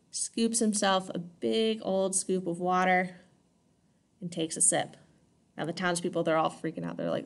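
A woman's voice: on the low side, gravelly, a bit bright. A woman teaching a history lesson in a casual, chatty way, often checking in with her listeners. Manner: chatty, checks in with 'right?' and 'okay?'. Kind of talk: casual classroom lecture.

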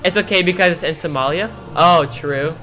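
A man chatting casually on a gaming livestream, goofy and excitable as he jokes with friends. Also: on the high side, normal speed. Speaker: game streamer. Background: game music.

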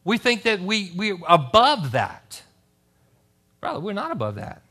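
Male pastor preaching a church sermon; bright, high, very lively voice with scripture readings and asides. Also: a little slow. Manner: animated preaching, reads scripture aloud with asides. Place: church service.

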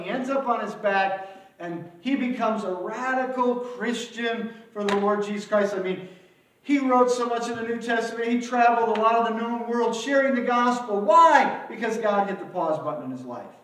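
Man, pastor, high-pitched preaching voice, dramatic loud-to-hushed delivery, very echoey church room. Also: distant mic. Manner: dramatic, swings from loud outbursts to hushed emphasis. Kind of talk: sermon. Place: church, alone without live audience.

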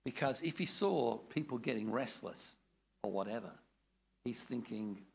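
An older man teaches preachers in a blunt, joking way. His voice is gravelly and a little husky, and it sits fairly high. His pitch swings widely as he acts out examples. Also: expressive, a little slow. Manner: blunt, jokey, demonstrates tones of voice. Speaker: preaching trainer.

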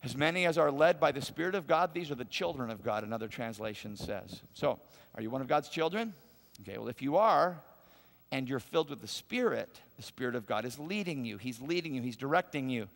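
Male pastor, sermon delivery, emphatic and repetitive, gravelly edge, long hall reverb. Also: mid-range voice, lively intonation, fairly quick, fairly bright tone. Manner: conversational storytelling, emphatic repetition. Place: large church auditorium.

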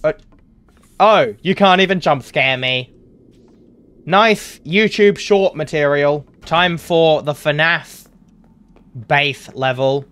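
A man's voice: fairly high pitch, slow, pauses often, a bit bright, smooth. A man giving casual gameplay commentary, sarcastic and swearing at the game's characters. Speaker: gaming YouTuber.

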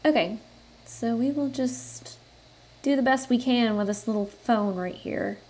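A woman hosting a software tutorial, explaining each step in a relaxed way and thinking aloud with fillers as she works. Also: a little high, unhurried. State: has the hiccups. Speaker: tutorial host. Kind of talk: screen-recorded software tutorial.

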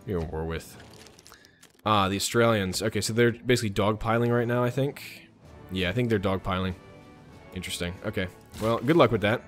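A man's voice: fairly low pitch, brisk, soft background music. A man hosting a let's play, chatting casually and muttering orders to his game units. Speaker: gaming channel host.

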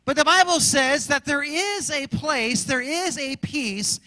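A male pastor preaching in a large church, emphatic and then chatty as he tells stories. His voice is very high and bright, and it rings with long reverb through the sanctuary. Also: unhurried. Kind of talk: sermon.

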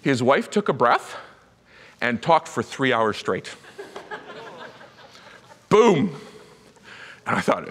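A man's voice: mid-range voice, big pitch swings, drawn-out words, pauses often. A middle-aged man preaching a sermon, telling stories animatedly and acting out the voices in them. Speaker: pastor. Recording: reverberant church hall.

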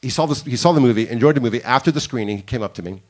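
Very fast and in a mid-range voice, a director from Miami tells stories from his working life during a conference-room panel conversation, animatedly performing the words of the people he quotes.

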